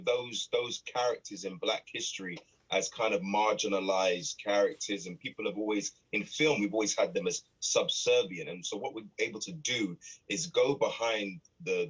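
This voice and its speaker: A British man in his thirties chats playfully on a morning show. His voice sits low, with a husky edge. He often restarts his sentences. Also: a bit bright, low-quality recording. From Britain. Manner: playful, easygoing, with many restarts. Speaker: actor and producer guest. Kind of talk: casual chat.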